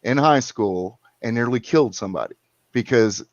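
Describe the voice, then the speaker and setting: A man's voice: mid-range voice, lively intonation, normal speed, no echo. A man, calling in and telling a long story in casual chat, rambling with restarts and repeats. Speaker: caller. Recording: muffled lo-fi sound.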